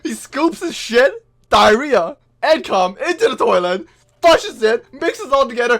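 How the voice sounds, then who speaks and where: A man ranting a profane, exasperated reaction review, swinging from shouted disbelief to low muttering. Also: sing-song, moderate pace, soft background music. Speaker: online reviewer.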